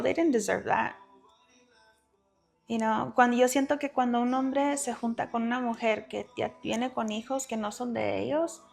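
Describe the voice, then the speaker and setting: Gravelly woman, frank storyteller. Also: fairly high pitch. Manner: frank and profane, mixing in Spanish phrases. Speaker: guest. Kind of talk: candid personal storytelling.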